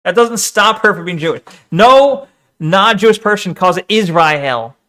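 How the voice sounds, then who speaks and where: Man, high voice, bright tone, crude teasing banter, casual streamer commentary. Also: lively intonation, a little slow. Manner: teasing, laughs often. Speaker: streamer reacting to clips.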